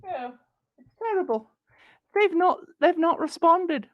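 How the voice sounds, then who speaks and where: A woman's voice: very high-pitched, lively intonation, slow, no echo, dull audio. A woman hosting her channel, chatting casually with amused, laughing asides. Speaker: channel host. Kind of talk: casual chat to camera.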